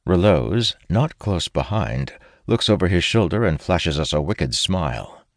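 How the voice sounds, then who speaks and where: A man giving steady, measured first-person narration of a fantasy audiobook. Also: deep voice, dry recording, studio quality.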